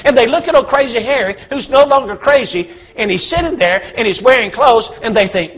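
Husky, high-voiced preacher. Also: male voice, lively intonation, brisk, few pauses, fairly bright tone. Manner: humorous storytelling with acted-out voices. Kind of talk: sermon.

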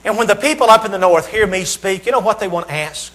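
A man with a Southern American accent preaching a sermon, asking his listeners questions and pausing for effect. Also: high-pitched, a bit bright. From Southern United States. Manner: rhetorical questions with dramatic pauses.

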